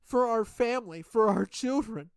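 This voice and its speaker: A woman's voice: fairly high pitch, moderate pace, clear, resonant tone, dry recording, lightly acted. A woman voicing a sheepish married man caught cheating, in a wrestling game role-play, stammering and pleading.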